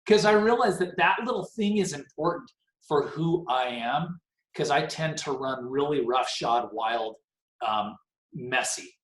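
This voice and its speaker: Forties guy running a team video call, kinda high voice, rambly and animated, echoey room. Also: measured pace. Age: 40s. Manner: animated, rambling, self-deprecating. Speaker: team meeting leader. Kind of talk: casual motivational talk on a video call.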